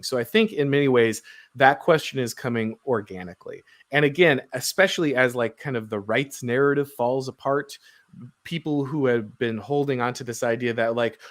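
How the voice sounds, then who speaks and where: A man's voice: mid-range voice, normal speed. A man from the United States hosting a podcast, talking through his views in a casual, rambling way, often restarting and tagging his points with "right?". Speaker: podcast host. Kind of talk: casual political discussion.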